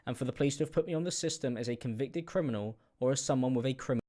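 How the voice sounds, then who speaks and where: A man narrating a prepared statement in a flat, measured, formal tone. His voice sits in a middle pitch and he reads every line evenly. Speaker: video narrator. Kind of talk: scripted narration of a defence statement.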